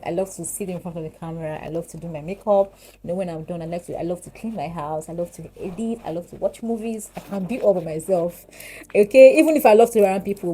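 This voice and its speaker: A woman in her twenties with a Nigerian English accent, chatting while doing her makeup, animated and giggly. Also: lowish voice, low-quality recording. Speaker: beauty vlogger. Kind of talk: casual get-ready-with-me chat.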